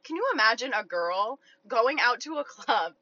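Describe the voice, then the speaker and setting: A woman's voice: a little high, lively intonation, normal speed, sharp tone, no echo. A young woman telling a story in a casual, blunt, profane way, full of fillers. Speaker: online content creator. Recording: dull lo-fi recording.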